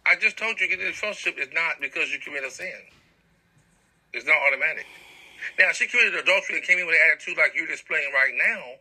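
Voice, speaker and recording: A man's voice: a little high, lively intonation, quick pace, sharp tone, husky, low-quality recording. A man speaking as a church elder in a meeting, firm and corrective. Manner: firm, corrective, matter-of-fact. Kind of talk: meeting on a call.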